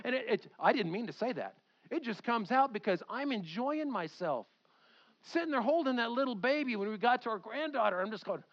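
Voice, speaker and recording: A fired-up man preaching a sermon in a church, his voice sitting high and swinging from loud bursts to near-hushed intensity. The recording is dull and lo-fi, like an old church tape. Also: fast. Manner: animated, swings from loud outbursts to quiet intensity. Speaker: pastor. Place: church sanctuary.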